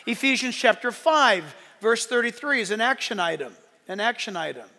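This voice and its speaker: A male pastor preaching a sermon in a church, swinging between loud emphatic lines and hushed asides. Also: very high-pitched, animated, normal speed. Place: church sanctuary. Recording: long church hall reverb.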